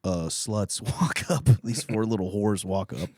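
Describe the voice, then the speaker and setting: A man's voice: on the low side, unhurried, a little mellow, no echo, studio quality. A man in his thirties hosting a podcast, telling a crude comedic story in a profane, rambling way and laughing through his lines. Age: 30s. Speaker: podcast host.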